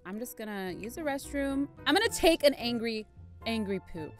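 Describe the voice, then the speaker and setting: A woman's voice: on the high side, animated, normal speed, soft background music. A young woman hosting a casual let's-play, chatty and playful, scolding the pets in her game. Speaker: gaming channel host.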